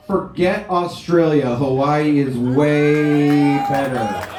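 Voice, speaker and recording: A man, the son of the deceased, giving a memorial speech in a ballroom, telling chatty, animated anecdotes. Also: mid-range voice, normal speed, a crowd in the background, background noise. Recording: echoey hall, speaker heard from a distance.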